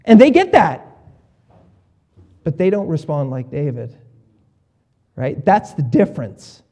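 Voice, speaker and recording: A male pastor preaches in a relaxed, conversational way, with a high voice and a mellow tone. He often acts out what his listeners might say and moves between quiet asides and louder emphasis. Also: takes it slowly. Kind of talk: sermon.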